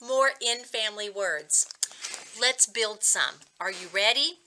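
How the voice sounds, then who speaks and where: Slow bright-voiced reading teacher woman. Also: mid-range voice, lively intonation, slight background noise. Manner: slow, clearly sounded-out words for young children. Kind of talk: children's read-aloud and phonics lesson.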